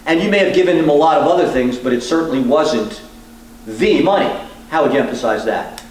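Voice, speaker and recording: Man, law professor, deliberate measured pauses, echoey room, heard from a distance. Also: on the high side, expressive, darkish tone, a little hiss or hum. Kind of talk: teaching demonstration.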